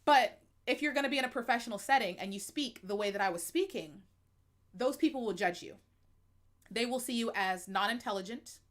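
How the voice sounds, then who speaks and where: A woman from the United States talks straight to her stream audience. She is frank and expressive, her talk loose with um and like, and laughter breaks in often. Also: on the high side, brisk. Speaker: livestream host. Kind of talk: candid personal chat to viewers.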